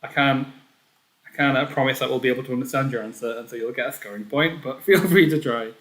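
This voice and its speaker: A man hosting a live online pub quiz, chatty, reading each question and its options twice and often clearing his throat. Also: mid-range voice, fast, fairly bright tone. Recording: echoey room.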